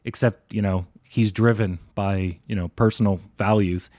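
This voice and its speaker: A man's voice: fairly low pitch, fairly even intonation, normal speed, darkish tone, dry recording, studio quality. A man hosting a live stock trading stream, rambling casually and thinking aloud. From Canada. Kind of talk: live stream chart commentary.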